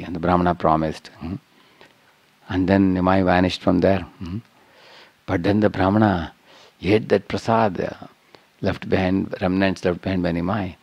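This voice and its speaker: Deep gravelly man giving a devotional lecture. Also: steady tone, normal speed, pauses often, a little mellow, no echo. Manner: checks in with frequent "huh?" and "hmm?". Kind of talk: scripture lecture with storytelling.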